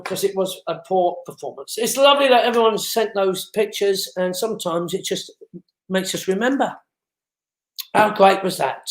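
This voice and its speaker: A man's voice: high-pitched, echoey room. A man from the hosting a casual live show from home, emotional and chatty. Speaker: host.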